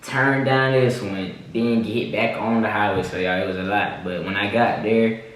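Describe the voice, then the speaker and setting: A man's voice: on the low side, normal speed. A young man, a vlogger, telling a story casually with lots of fillers and restarts. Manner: relaxed, repeats himself, lots of fillers. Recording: echoey room, mic at a distance, faint noise.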